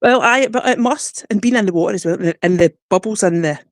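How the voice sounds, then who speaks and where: A Scottish woman with a Glasgow accent chatting casually on a livestream, rambling through quick stories and laughing often. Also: mid-range voice, dry recording, clean studio sound. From Scotland. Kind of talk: casual chat.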